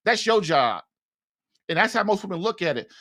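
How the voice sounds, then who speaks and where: A man's voice: high-pitched, sing-song, normal speed, fairly bright tone. A man talks through marriage advice in a loose, conversational monologue. He is blunt and folksy, and he laughs at his own points as he goes. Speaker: podcast host giving marriage advice.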